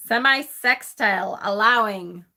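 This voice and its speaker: Woman host, live-stream chat, bright and forceful tone, high-ish voice, laughs easily, reads aloud and answers chat. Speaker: host of a tarot channel.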